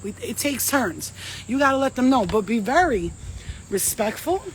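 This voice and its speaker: A woman's voice: fairly high pitch, moderate pace, a little hiss or hum, low-quality recording. A woman, a psychic medium and host, telling a story to a live audience in casual, streetwise slang, with lots of swearing. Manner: animated, profane, streetwise slang.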